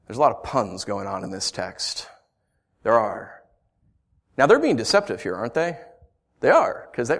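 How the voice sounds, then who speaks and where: A man preaching a sermon, animated and acting out the story in voices. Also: medium pitch, normal speed, long pauses. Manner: animated, acts out the scenes in voices. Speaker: pastor.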